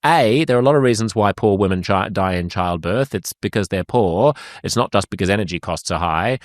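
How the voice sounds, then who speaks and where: A man's voice: fairly low pitch, expressive, fairly quick, dry recording. Methodical man in dry studio sound. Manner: methodical, lays out points one by one. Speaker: host. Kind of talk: analytical commentary.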